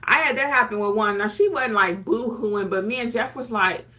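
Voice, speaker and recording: A woman who teaches notary work and hosts a YouTube channel chats casually to camera in a teaching style, acting out what her clients say. Her voice sits on the high side, bright and forceful, at a moderate pace.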